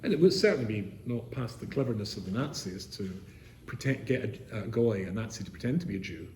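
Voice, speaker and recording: An older man from England, a rabbi telling stories to seminary students, animated, with rhetorical questions, swinging from loud to soft. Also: fairly low pitch, quick pace. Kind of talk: storytelling talk to students. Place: seminary room, indoors. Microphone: camera he set up himself. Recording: echoey room with faint noise.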